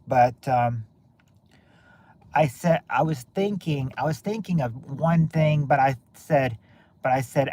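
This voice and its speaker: A man of middling pitch hosting a relaxed game-night stream. He talks loosely to his viewers, trailing off and circling back mid-sentence. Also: slight background noise. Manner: rambling, many restarts and fillers. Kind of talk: casual chat with viewers.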